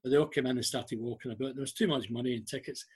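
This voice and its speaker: An older Scottish man spins old workplace stories in a relaxed, chatty way. His voice has a husky, slightly rough edge, and he slips into the voices of the people he quotes. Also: mid-range voice, rapid-fire. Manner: anecdotal, acts out quoted dialogue. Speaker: guest, former club liaison officer. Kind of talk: casual storytelling interview.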